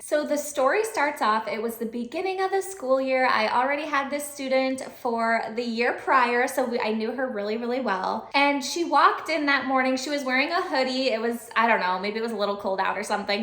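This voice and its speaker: High-voiced woman in an echoey room. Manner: animated, laughing, chatty. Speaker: special education teacher. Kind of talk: storytelling vlog.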